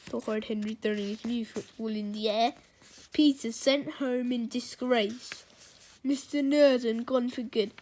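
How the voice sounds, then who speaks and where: A woman reading a children's storybook aloud, in a gentle read-aloud manner. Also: a little high, steady tone, unhurried.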